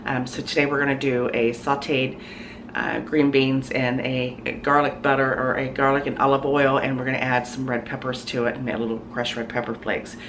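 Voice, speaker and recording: A woman's voice: rumbling low, flat delivery, moderate pace, fairly bright tone, a little hiss or hum, poor audio. A woman hosting her own cooking channel, talking casually through a recipe in her home kitchen with lots of ums and restarts. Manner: chatty, with many ums and restarts. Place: home kitchen, food sizzling in a pan.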